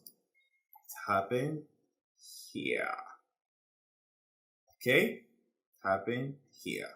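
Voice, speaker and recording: A man's voice: mid-range voice, a bit bright, reverberant. A man teaching a class who keeps checking his students follow along, speaking. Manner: slow, checks understanding with "okay?". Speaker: English teacher. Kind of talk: classroom lesson.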